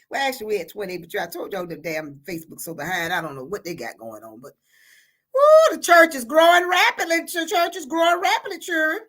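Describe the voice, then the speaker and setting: A woman's voice: fairly high pitch, huge pitch swings, fast, a bit bright. A woman hosting a casual livestream chat. She reads out viewer comments, laughs often and calls her viewers honey and baby.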